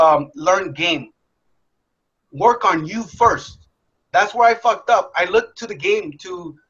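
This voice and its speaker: A young man telling a candid personal story in a blunt, profane, animated way. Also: high-pitched, husky. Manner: profane, blunt, animated, acts out his past self. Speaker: motivational speaker. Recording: dull lo-fi sound.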